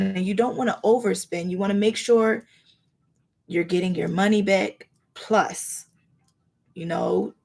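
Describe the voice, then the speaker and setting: A woman tarot reader gives blunt, heartfelt advice in a live reading. Her talk is colloquial and preachy, and she acts out little scenes as she goes. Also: medium pitch.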